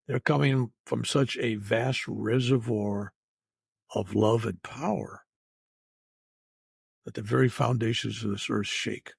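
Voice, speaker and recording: A man's voice: medium pitch, steady tone, unhurried, vocal fry, breathy edge, no echo, studio quality. An older man, a reverend talking earnestly as a podcast guest, rambling and repeating himself. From United States. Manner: earnest, rambling, repeats words and says "you know" often. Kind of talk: spiritual podcast interview.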